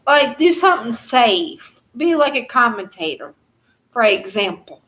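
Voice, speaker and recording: A chatty woman with a fairly high voice hosts a casual live chat from home. She rambles from one thought to the next, laughing often and trailing off into fillers. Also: sing-song, unhurried, a bit bright.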